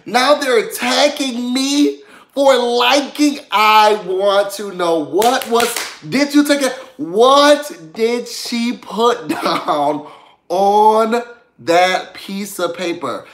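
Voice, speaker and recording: A man's voice: high voice, very slow, fairly bright tone. A man recapping a reality show in casual, gossipy chat, talking straight to his viewers. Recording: echoey room.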